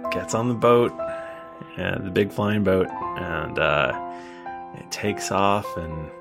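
A man game master narrating the closing scene in an unhurried way with many fillers. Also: low voice, creaky. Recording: music under the voice.

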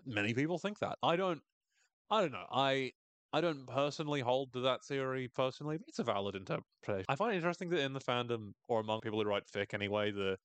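A podcast host with a mid-range, lively, fairly bright voice recaps a TV episode in a casual, wry chat. He acts out characters' lines in rapid voices, and the recording is dry.

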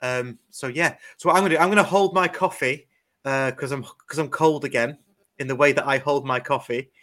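A man's voice: mid-range voice, brisk, bright, forceful tone. An Englishman co-hosting a casual fan podcast, laid-back and hesitant with fillers. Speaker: co-host.

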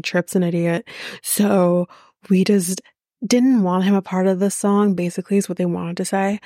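A young woman hosts a podcast, talking casually and bluntly, swearing freely and sounding exasperated as she recaps. Her voice is warm and mellow. The sound is dry and close. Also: medium pitch, no room sound. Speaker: podcast host recapping a reality show. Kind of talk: casual chat.

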